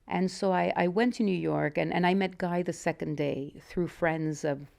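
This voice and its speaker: A Mexican woman in her forties speaks as an interview guest in a low voice with a gravelly, creaky edge. She tells her life story candidly and reflectively, often stopping and restarting her sentences. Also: moderate pace, darkish tone. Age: 40s.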